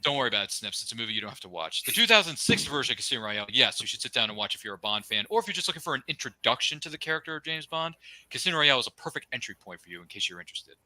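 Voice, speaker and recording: Animated, bright-voiced man chatting eagerly. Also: medium pitch, dry recording. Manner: enthusiastic, gushing, quick asides and pop-culture jokes. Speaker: podcast co-host. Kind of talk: casual fan discussion podcast.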